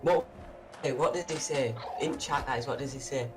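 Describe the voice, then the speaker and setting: A man's voice: mid-range voice, normal speed, over loud music. A man co-hosting a live game stream, reading out the chat and teasingly pushing his friend. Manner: teasing, pushy, eager. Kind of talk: casual live stream banter.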